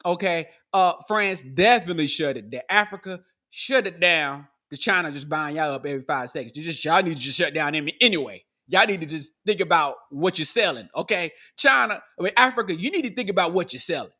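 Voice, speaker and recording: A man hosting a podcast in a loose comedic monologue. He jumps from high yelps to low mutters and throws in goofy sound effects. His voice is bright and forceful, and his pitch swings widely. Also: expressive, a little fast, few pauses. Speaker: podcast host.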